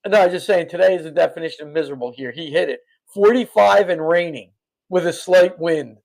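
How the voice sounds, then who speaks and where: A man's voice: on the high side, brisk, gravelly, a little mellow. A man co-hosting a casual livestream chat, from New Jersey, with laid-back, wry asides. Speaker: co-host.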